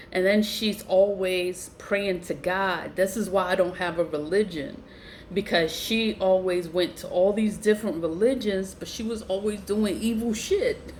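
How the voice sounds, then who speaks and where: A woman telling a story in a casual, profane rant, laughing often and swinging her voice up high for emphasis. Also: a little hiss or hum. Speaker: vlogger who sells spiritual goods online.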